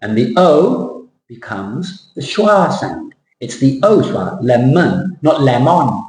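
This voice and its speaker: A man teaching pronunciation in a classroom, repeating words slowly and syllable by syllable, now and then switching into Thai for his students. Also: medium pitch, sing-song, darkish tone. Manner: drills words slowly, mixes in Thai asides. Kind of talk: accent coaching lesson. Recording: roomy classroom with faint hum.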